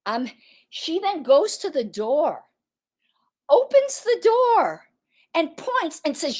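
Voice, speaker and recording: A woman telling a story of indignation in a casual commentary video, sarcastic and animated. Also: very high-pitched, takes it slowly, long pauses. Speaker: political commentator, party secretary.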